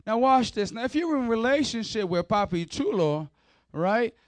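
A man's voice: sits high, very animated, moderate pace, dry recording. A man leading a church service as pastor, joking and playful, firing up the crowd into a mic. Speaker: youth pastor. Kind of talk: energetic church service talk. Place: church hall.

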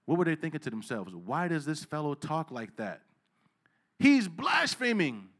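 A man preaching a sermon in a casual, slangy way, asking the listeners questions and swinging between low asides and loud, emphatic preaching. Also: big pitch swings, normal speed. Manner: casual street slang, asks the crowd questions.

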